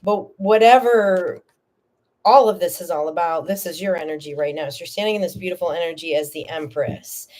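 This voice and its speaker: A woman's voice: on the low side, noisy background. Chatty woman tarot reader. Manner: animated, chatty, many "okay?" and "all right?" check-ins. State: tearful, emotional. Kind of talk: live tarot reading.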